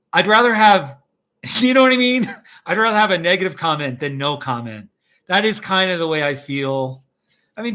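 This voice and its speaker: A man rambles through a live stream from his kitchen, chatting with viewers and breaking into laughs. His voice sits a little high and sounds bright and forward. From United States. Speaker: YouTube host. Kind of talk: casual live-stream chat. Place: home kitchen.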